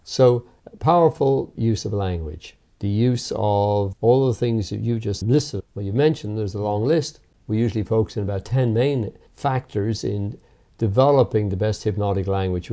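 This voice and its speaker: A man who teaches hypnotherapy, explaining its methods in a measured, emphatic interview. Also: lowish voice, mellow.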